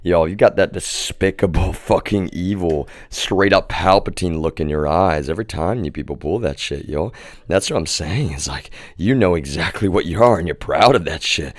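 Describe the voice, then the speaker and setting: A man's voice: low voice, normal speed, no room sound, studio quality. A young man hosting a livestream, giving a heated, profane monologue and often calling his viewers "y'all". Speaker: livestream host.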